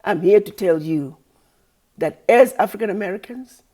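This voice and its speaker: A woman's voice: mid-range voice, animated, moderate pace, warm tone. A woman founder giving an impassioned address, scolding her critics with rhetorical questions and preacher-like repetition. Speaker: organization founder.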